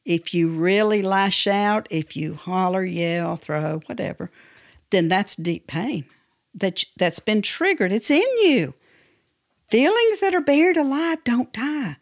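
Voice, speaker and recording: A woman hosting a faith-based teaching podcast, speaking emphatically and repeating her key phrases. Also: mid-range voice. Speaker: podcast host and Christian speaker.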